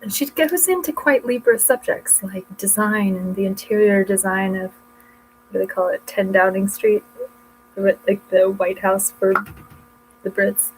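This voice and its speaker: A woman's voice: medium pitch, fairly even intonation, a little slow, a little mellow, a little hiss or hum, rough recording. A woman vlogging at home in a casual, rambling way, often breaking off mid-thought as she shows her books. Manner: rambling, chatty, self-interrupting. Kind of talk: casual chat showing books.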